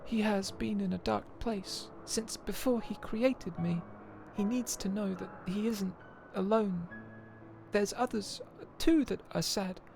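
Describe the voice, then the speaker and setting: A woman voicing a gentle, earnest young female being in a video game, speaking softly and pleadingly. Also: medium pitch, slow pace, vocal fry. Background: faint game music.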